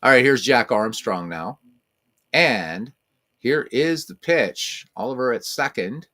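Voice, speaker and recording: A man's voice: animated, slow pace, sharp tone. A man calling a tabletop baseball game in a casual play-by-play style, as if he were an announcer. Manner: mock announcer calls, talks to his cats in a high, cooing voice.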